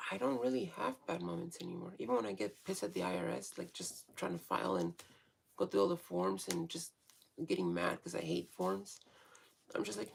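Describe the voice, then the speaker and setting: A woman's voice: on the low side, vocal fry, slight background noise. A woman vlogger talking frankly in a casual, rambling monologue, swearing freely and restarting often.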